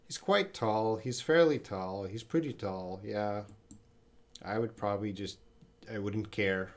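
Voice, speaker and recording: A man's voice: fairly low pitch, unhurried. A man teaching English on a casual livestream, reading viewer questions aloud and explaining them with example sentences. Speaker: English teacher answering live chat questions.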